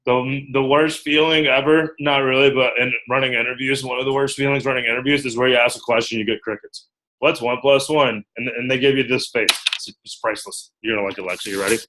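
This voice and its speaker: A man with a bright, forceful voice at an ordinary middle pitch. He coaches a small group of recruiters, acting out lines and checking in with them as he goes. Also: quick pace, hardly any pauses, a little hiss or hum, rough recording. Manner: animated, acts out quotes, checks in with "okay?" often. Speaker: recruiter training a team. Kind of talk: group training talk.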